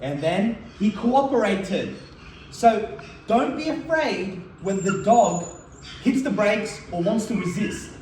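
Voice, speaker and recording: A man's voice: sits high, animated, takes it slowly, a little mellow, a little hiss or hum. A man teaching dog crate training in a direct, blunt way, often breaking off to talk to the dog. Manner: talks to the dog while teaching. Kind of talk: instructional demonstration. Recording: roomy, distant mic, faint ambience.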